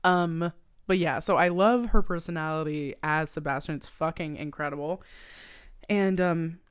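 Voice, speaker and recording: A woman's voice: low voice, moderate pace, smooth. A young woman co-hosting a podcast, recapping a movie in casual chat, swearing often and acting out the characters' lines. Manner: swearing, animated, acts out quotes. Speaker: podcast co-host.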